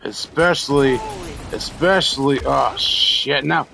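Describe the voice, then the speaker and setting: A man's voice: mid-range voice, lively intonation, unhurried, creaky. A man streaming a video game while drunk, rambling and stammering, swearing at enemies as he plays. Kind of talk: casual drunk gameplay commentary.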